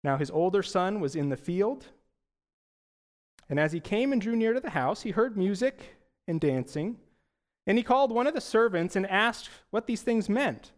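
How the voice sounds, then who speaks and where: Animated, high-voiced pastor preaching. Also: male voice, normal speed. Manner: conversational, asks rhetorical questions. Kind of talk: sermon.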